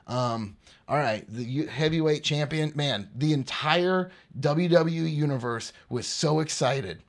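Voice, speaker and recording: A man hosting a podcast, giving a casual, rambling wrestling recap and repeating points for emphasis. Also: mid-range voice. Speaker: podcast host.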